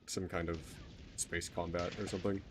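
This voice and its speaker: A deep-voiced man chatting loosely while he plays, wandering off mid-thought and poking fun at himself. A faint hiss sits under his voice. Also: little pitch movement, normal speed. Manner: rambling, self-mocking, trailing off mid-sentence. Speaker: game streamer. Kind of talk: casual gameplay commentary.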